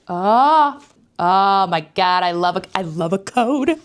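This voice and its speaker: A woman vlogger giving casual unboxing commentary, excitable, gasping and often slipping into whispers. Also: mid-range voice, unhurried.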